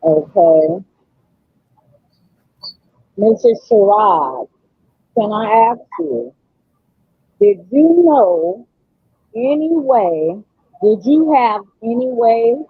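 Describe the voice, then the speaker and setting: A husky woman questions a witness slowly and deliberately as a prosecutor in a mock trial. Her voice is thin and tinny, like a phone line, and dry. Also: fairly high pitch, dry recording. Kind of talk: courtroom questioning on a video call. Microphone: video call. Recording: tinny, dry video call audio.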